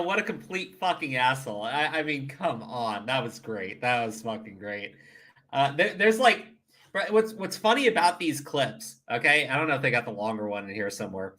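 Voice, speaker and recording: A man's voice: mid-range voice, very animated, moderate pace, pushed and bright. A man giving casual, profane reaction commentary, often laughing and restarting his sentences. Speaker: commentary streamer.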